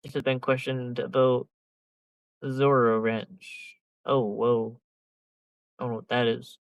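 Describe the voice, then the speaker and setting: A man's voice: medium pitch, level tone, takes it slowly, clear, resonant tone, no echo, rough recording. A young man chatting casually as a podcast host, rambling and slangy with heavy filler and swearing. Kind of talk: casual chat.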